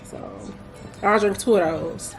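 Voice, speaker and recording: A woman's voice: medium pitch, slow pace, faint music behind. A young woman chatting casually to camera as a vlogger at home, playful and laughing easily. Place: home, indoors.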